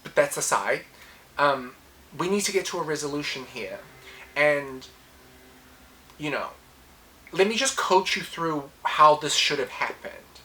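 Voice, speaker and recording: A woman's voice: sits low, expressive, unhurried, pauses often, pushed and bright, low-quality recording. A woman hosting a casual solo podcast, telling a personal story with animation and acting out her own past lines. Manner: reflective, self-coaching tone. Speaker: podcast host.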